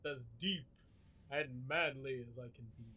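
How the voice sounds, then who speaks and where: Silky Smooth, a deep radio crooner voiced by a man. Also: a little slow, bright, forceful tone. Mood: mock-serious. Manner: exaggerated low manly drawl. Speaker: streamer. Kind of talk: live game stream.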